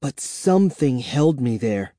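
A man reading a chapter of a spooky children's book aloud in first person, with expressive storytelling. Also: mid-range voice, unhurried, dry recording, clean studio sound. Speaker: audiobook narrator. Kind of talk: scripted first-person narration.

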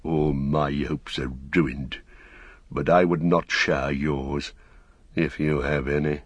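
A man's voice: extremely low pitch, steady tone, breathy edge, no room sound, pitched below the performer's own voice, full character voice. Saruman, a man doing a sneering old wizard. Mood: scornful. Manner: slow, sneering, mocking. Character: bitter fallen old male wizard, scornful.

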